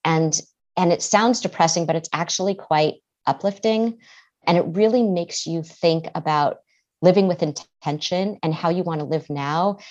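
Low-voiced woman therapist guest. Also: moderate pace, a little mellow, dull audio. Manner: earnest, acts out quoted voices. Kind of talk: podcast interview.

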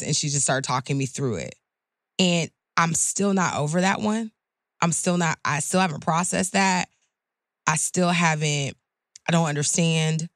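A woman's voice: deep voice, normal speed, no echo, studio quality. A woman attorney talking in a casual podcast conversation, emotional and emphatic. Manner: emotional, emphatic, rising to loud indignation. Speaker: guest attorney.

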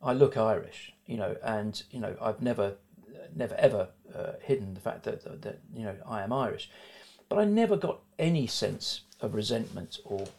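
A man in his sixties speaks with a middle-class South London accent and a low-ish voice. He talks frankly and at length, looping back through fillers and restarts as he recalls things. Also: lively intonation, normal speed, creaky, a little mellow. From South London, England. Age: 60s. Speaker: guest. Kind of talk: conversational interview.

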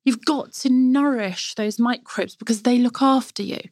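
A woman's voice: a little high, moderate pace, a little mellow, dry recording, clean studio sound. A woman, a sourdough expert, talking enthusiastically and emphatically in a casual interview. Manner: enthusiastic, emphatic, laughs easily. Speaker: sourdough baking expert guest.

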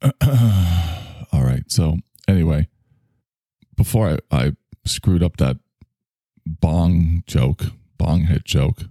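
A man's voice: sits low, mellow, no echo, clean studio sound. A man hosting a podcast, rambling and joking at his own expense while reading out listener chat messages. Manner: joking, self-mocking, rambling. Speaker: podcast host. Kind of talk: casual live-stream podcast monologue.

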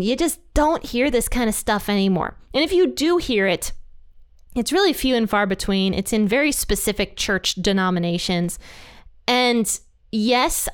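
Smooth-voiced woman reading and explaining scripture. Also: mid-range voice. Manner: earnest, conversational, plain-spoken. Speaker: Bible teacher.

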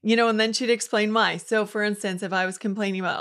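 A woman's voice: mid-range voice, fairly even intonation, quick pace, a bit bright. Woman host, mid-range voice, chatty and upbeat, conversational devotional talk. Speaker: host of a Christian devotional podcast.

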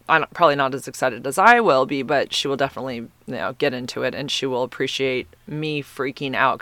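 A man in his fifties chats on his solo podcast in a bright, forceful voice that stays smooth and crisp. He gushes and rambles, with plenty of ums, and his pitch sits a little above the usual for a man. The sound is dry and close. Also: no room sound. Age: 50s. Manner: gushing, rambling, lots of fillers. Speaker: podcast host. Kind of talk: casual solo podcast chat.

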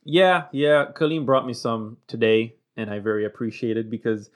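A man's voice: medium pitch, moderate pace, a crowd in the background. Man, casual and rambling. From Romania. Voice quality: swears and laughs often while rambling. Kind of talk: casual chat.

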